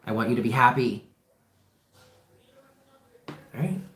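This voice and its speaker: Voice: mid-range voice, moderate pace, darkish tone, slight background noise. Impassioned tarot reader in an echoey room. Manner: emphatic, impassioned, swears freely; repeats phrases for emphasis. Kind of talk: livestreamed tarot reading. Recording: roomy echo.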